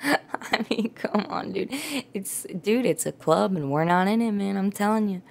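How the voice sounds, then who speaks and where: A woman's voice: mid-range voice, a little slow, vocal fry, darkish tone, a little hiss or hum. A young woman hosting a casual solo podcast, rambling and swearing freely with lots of "like" and "dude". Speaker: podcast host.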